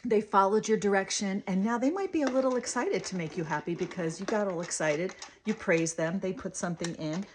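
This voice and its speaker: A woman's voice: medium pitch, normal speed, hardly any pauses, slight background noise. A woman in her thirties, a speech-language pathologist, coaching parents and slipping into a sing-song play voice during toy demos. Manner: sing-song, animated demo voice for toddlers.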